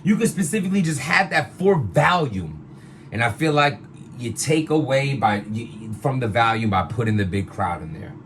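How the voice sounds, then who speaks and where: A man ranting casually to his viewers, animated and slangy, repeating himself as he vents. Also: mid-range voice, normal speed, a little hiss or hum. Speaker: vlogger, battle rap commentator. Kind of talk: casual opinion rant to camera.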